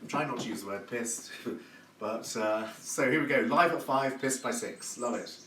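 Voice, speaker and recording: With a medium-pitched voice that sounds pushed and bright, a man leads a live cooking demo from his kitchen at home, speaking at a moderate pace. He chats effusively and praises everything. The audio is echoey, with a distant mic and background noise.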